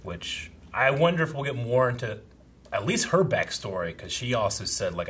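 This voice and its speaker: A bright-voiced young man chatting in a casual reaction show. He is animated and leaps into high-pitched yelps when he mimics people. A faint hiss sits behind him. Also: moderate pace. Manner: animated, acts out characters with sudden high yelps. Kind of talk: casual chat.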